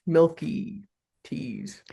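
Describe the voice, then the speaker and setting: A woman's voice: drawn-out words, warm tone. A sleepy woman in a casual video-call chat.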